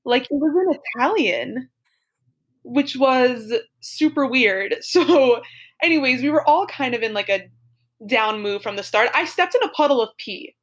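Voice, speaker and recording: A young woman with a fairly high voice tells a story on her podcast. She chats casually and giggles often, peppering her talk with "like" and "super". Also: lively intonation, measured pace. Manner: chatty, giggly, lots of "like" and "super". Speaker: podcast co-host. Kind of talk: casual chat, telling a personal story.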